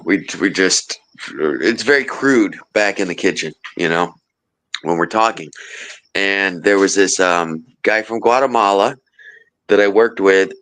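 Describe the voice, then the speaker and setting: Casting: man with a lowish voice, chatty storyteller, laughs between lines. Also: low-quality recording. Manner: animated anecdote-telling, laughs often. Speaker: storyteller in a group chat. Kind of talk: casual chat.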